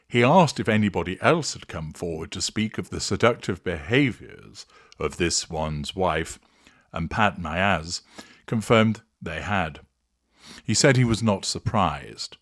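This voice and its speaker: Slow, deep, sardonic male narrator. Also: fairly bright tone, no room sound, clean studio sound. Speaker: host. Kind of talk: scripted satirical narration.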